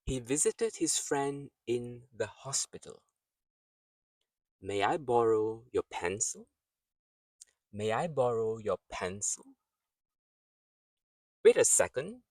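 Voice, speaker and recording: A man teaching English pronunciation, saying example words slowly and repeating them with clear syllable stress. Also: medium pitch, no echo.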